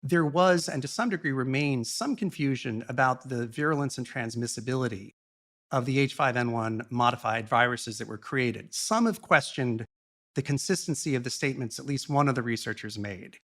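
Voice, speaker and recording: A man with a gravelly, creaky edge to his voice talks through a long explanation as a podcast guest. His delivery is measured and earnest, at an ordinary pitch for a man. Every so often he drops in a blunt, frank aside. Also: a bit bright. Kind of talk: explanatory monologue in conversation.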